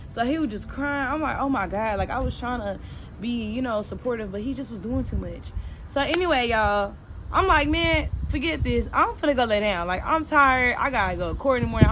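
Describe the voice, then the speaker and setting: Animated young woman telling a storytime. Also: a little high, noisy background. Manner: animated and expressive, acting out quoted dialogue. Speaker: vlogger. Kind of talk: casual storytime.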